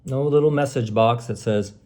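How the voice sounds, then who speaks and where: Exasperated man ranting, low mellow voice. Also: lively intonation, moderate pace. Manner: sarcastic, exasperated, addresses the algorithm directly. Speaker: vlogger. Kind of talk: ranting monologue to camera.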